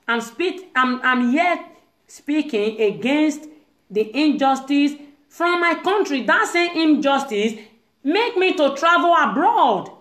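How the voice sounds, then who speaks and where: A woman's voice: high-pitched, lively intonation, slow pace, fairly bright tone, echoey room. A Nigerian-accented woman hosting her own online show, delivering an impassioned monologue from a house and acting out the voices she quotes. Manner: emphatic, acts out quoted voices, Nigerian Pidgin-tinged English. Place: room in a private house.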